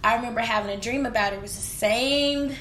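Woman with a bright tense voice, spilling animated stories, echoey room. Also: on the high side, quick pace, a little hiss or hum. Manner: animated, lively storyteller. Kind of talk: casual chat, emotional storytelling.

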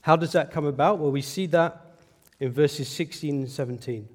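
Male pastor, slightly high voice, earnest emphatic sermon, long reverb of a large hall. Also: normal speed, a little mellow. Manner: earnest, emphatic preaching with rhetorical questions.

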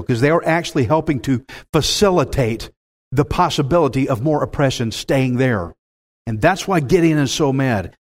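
A preacher delivers a sermon in a somewhat raised pitch. He swings dramatically in delivery and calls out to his congregation. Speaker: pastor.

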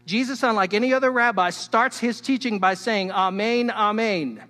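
A man preaching a sermon as a pastor, emphatic and teacherly, swinging between loud stresses and hushed asides while he speaks straight to his listeners. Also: very high voice, fairly quick, faint music behind. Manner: teacherly, addresses the listeners directly. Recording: long hall reverb.

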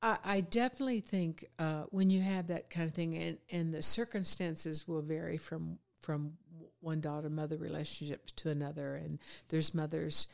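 A woman in her fifties, a podcast guest, talking reflectively in a casual conversation and often pausing with fillers. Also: sits low, fairly even intonation, creaky. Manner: reflective, many fillers and restarts.

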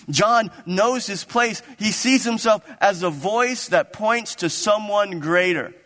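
A man's voice: high voice, slow pace, few pauses, a bit bright, in a large hall. A man preaching a sermon as pastor, impassioned and building into emphatic, repeated declarations.

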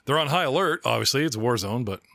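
A man's voice: medium pitch, lively intonation, fast talker, creaky, pushed and bright, no room sound, clean studio sound. A man hosting a podcast as game master, describing scenes in a chatty, rambling way. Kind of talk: running a tabletop game.

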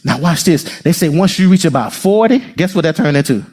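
A man preaching a sermon as pastor, playful and lively, laughing often and talking straight to the congregation. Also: a little high, a little fast, husky.

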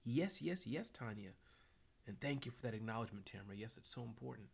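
A man hosting a live motivational talk and reading chat comments aloud. He repeats his key phrases and swings from hushed whispers to loud, fired-up bursts. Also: mid-range voice, animated, fast, vocal fry, husky. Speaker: live-stream host.

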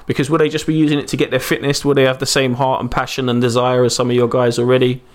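A man hosting a casual podcast chat, talking quickly and repeating himself as he goes. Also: medium pitch, monotone. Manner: rapid, chatty, repeats himself. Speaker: podcast host.

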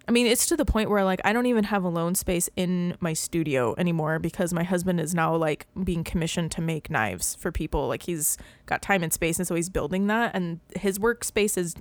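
A podcast co-host in her thirties chats casually and rambles, packing her speech with "like" and breaking into quick laughs. Her voice is fairly low-pitched with no echo.

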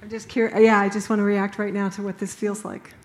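A woman's voice: mid-range voice, little pitch movement, fairly quick. Chatty laughing woman at a panel. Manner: chatty, laughs often between phrases. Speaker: panel participant. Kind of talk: casual spontaneous remarks.

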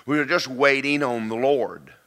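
A man preaching a folksy, emphatic sermon, slowing down to stress key words. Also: mid-range voice, fairly even intonation, fairly bright tone, clean tone.

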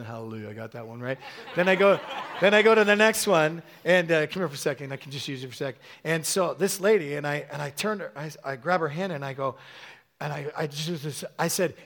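Man, middle-aged, preacher, lively storytelling sermon, voice leaps high for acted-out lines. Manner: animated storytelling, acting out quotes with sudden high-pitched bursts.

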